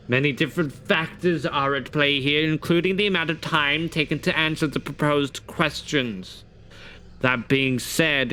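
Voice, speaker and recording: A man's voice: fairly high pitch, pushed and bright. A man streaming live, reading quiz questions aloud and answering them in a casual, swearing way.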